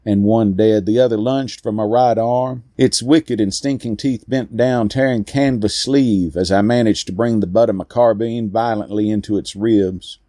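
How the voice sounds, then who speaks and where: A man narrating a first-person story in a slow, deliberate way with weighty pauses. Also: on the low side, steady tone, dark tone, no echo, studio quality.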